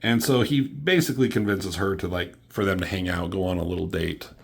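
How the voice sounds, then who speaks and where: Casual young male reviewer, low-pitched, rambling and playful, does quick voices for characters. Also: creaky, husky. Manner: rambling, laughing, acting out comic dialogue in voices. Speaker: comic book reviewer. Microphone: camera mic.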